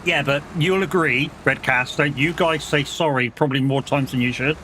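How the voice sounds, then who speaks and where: A man's voice: on the high side, moderate pace, bright, forceful tone, slight background noise. A man with an English accent, a live streamer chatting casually and swearing while he plays a game and jokes with his chat. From England.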